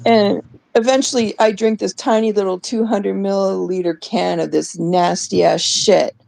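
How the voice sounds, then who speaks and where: A woman's voice: medium pitch, fairly even intonation, a little slow, gravelly, darkish tone, no echo, poor audio. A young adult woman from Canada, co-hosting a podcast, telling a story in casual chat, acting out the voices she quotes and swearing freely. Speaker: podcast co-host.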